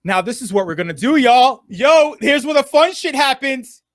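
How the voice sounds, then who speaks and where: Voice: sits high, normal speed, no echo. A game show host running a live online contest, playful and teasing, swearing freely and stalling by drawing words out.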